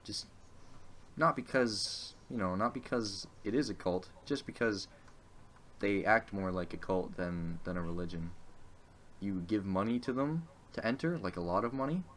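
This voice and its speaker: A man's voice: fairly low pitch, normal speed, a bit bright, slight background noise. A young man co-hosting a casual podcast chat. He rambles, hesitates and swears often. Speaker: podcast co-host.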